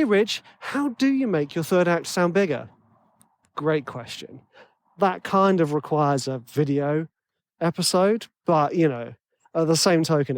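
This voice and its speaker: An excitable man with a tenor voice talks straight into a podcast mic, rambling and poking fun at himself. His voice sits fairly high for a man, and the sound is close and dry with no room around it. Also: no echo. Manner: excitable, rambling, self-deprecating, chatty with restarts. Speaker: podcast host and composition coach. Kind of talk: casual solo podcast monologue.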